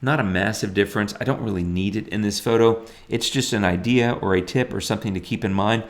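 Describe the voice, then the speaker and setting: A middle-aged man explaining his photo editing steps in a relaxed, thinking-aloud way, with fillers and restarts. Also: fairly low pitch, quick pace. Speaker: photography tutor. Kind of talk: screen-recorded editing tutorial.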